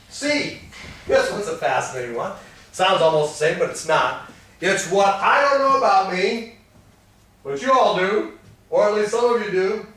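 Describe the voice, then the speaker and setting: A man's voice: high-pitched, fairly bright tone. A man in his sixties giving a marriage seminar to an audience, teaching in a folksy storytelling way and acting out the voices in his stories. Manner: folksy storytelling, acts out quoted exchanges. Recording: distant mic in an echoey room.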